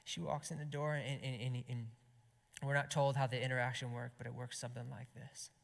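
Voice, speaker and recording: Impassioned preacher in a reverberant hall. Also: male voice, mid-range voice, flat delivery, brisk, creaky. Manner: impassioned, swings from loud to hushed whispers. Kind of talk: sermon. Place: gathering hall.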